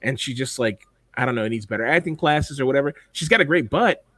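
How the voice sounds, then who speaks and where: A man's voice: medium pitch, animated, fast talker, sharp tone, dry recording. A man co-hosting a podcast in casual chat, blunt and profane, rambling with lots of fillers. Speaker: podcast co-host.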